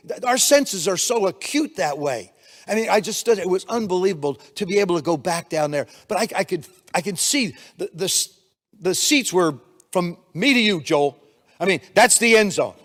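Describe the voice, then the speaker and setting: A man in his seventies from the United States delivers a motivational keynote, spinning stories and acting out the dialogue in them. His voice sits fairly high for a man. The sound rings with the long reverb of a large hall. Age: 70s. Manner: storytelling, animated, acts out dialogue. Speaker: keynote speaker.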